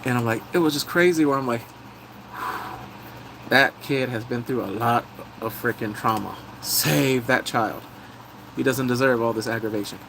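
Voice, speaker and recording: A man's voice: mid-range voice, a little slow, creaky, long pauses, noisy background. A man live-streaming a casual drama recap, chatting loosely, thanking viewers as he goes and breaking into big squealing reactions.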